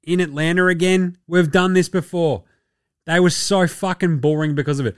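An Australian man hosting a sports podcast, talking in a profane, joking, excitable way. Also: fairly high pitch, normal speed, no room sound, studio quality. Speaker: podcast host. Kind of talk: casual sports commentary.

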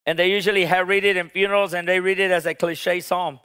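High, bright-voiced passionate preacher man. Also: flat delivery, fast, clear, resonant tone. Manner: call-and-response preaching, urging the congregation to repeat; passionate, rises to emphatic peaks. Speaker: pastor. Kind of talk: sermon.

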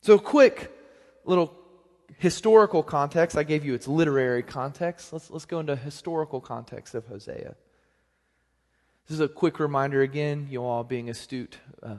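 A young man preaching a sermon as pastor, in a conversational, joking manner with lively swings in pitch and loudness. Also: normal speed. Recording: long hall reverb.

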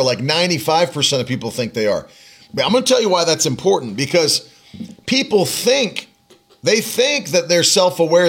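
Husky man preaching on a live stream. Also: on the high side, fairly bright tone. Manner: conversational, repeats himself, reads out comments. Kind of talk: live-stream teaching with viewer comments.

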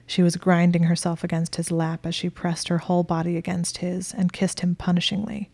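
Low gravelly whispering woman narrator. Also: little pitch movement, dry recording. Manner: hushed, slow and breathy. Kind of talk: whispered role-play.

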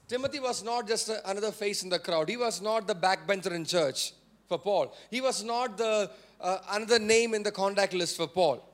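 Indian english pastor guy, pretty high voice, sermon style, keeps getting the church to repeat words. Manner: repetitive, call-and-response preaching; rises to forceful emphasis.

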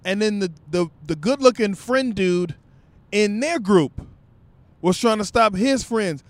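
Profane storytelling guy, slightly high voice. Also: lively intonation, measured pace, no echo. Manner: loose, profane, conversational. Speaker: vlogger. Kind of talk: casual comic storytelling.

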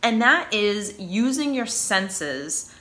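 Bright-voiced New England woman giving advice. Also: mid-range voice, sing-song, slow pace. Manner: conversational, earnest, frequent "you know" fillers. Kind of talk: casual advice talk on anxiety.

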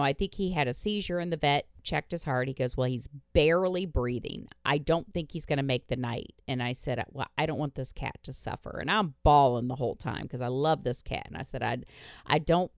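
A woman's voice: sits low, normal speed, smooth, dry recording, clean studio sound. A woman hosting a podcast, telling a story in a blunt casual chat, swearing freely and laughing along. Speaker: podcast host.

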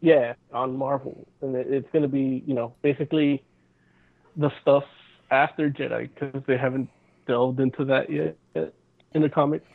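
A man hosting a casual podcast, rambling along and stumbling over his words before finding his point. His voice sits in a middle pitch. The recording is a little dull and lo-fi. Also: steady tone, moderate pace, gravelly. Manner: rambling, full of fillers and restarts. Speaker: podcast host. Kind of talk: casual chat. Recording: slightly dull lo-fi sound.

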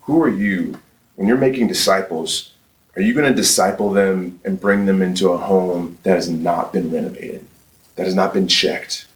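A man in his thirties with a somewhat low voice gives an emphatic live conference talk, pressing the audience with rhetorical questions and circling back over his own phrases. He sounds a little off the mic, and the room adds a noticeable echo. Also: moderate pace. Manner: emphatic, fires rhetorical questions, frequent restarts. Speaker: conference speaker. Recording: roomy, distant from the mic.

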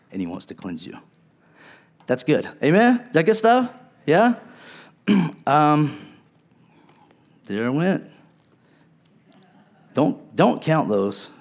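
A man's voice: on the low side, a little mellow. A male pastor preaching a sermon in a conversational, earnest way, with casual asides to his congregation.

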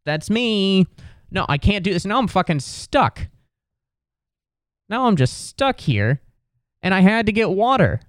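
A man's voice: high-pitched, very animated, a little slow, long pauses, no room sound, studio quality. A man telling a rambling, exasperated comedic story in a casual, profane rant.

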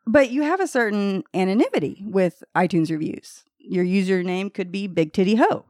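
American woman podcast co-host, mid-pitch, chatty, dry recording. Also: expressive, normal speed, a little mellow, no echo. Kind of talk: casual chat.

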